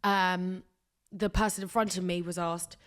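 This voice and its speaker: A woman's voice: fairly low pitch, fairly even intonation, a little slow. A woman hosting her own podcast, telling stories in a rambling, self-mocking way with sudden drops to a whisper. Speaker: podcast host. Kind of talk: casual solo podcast chat.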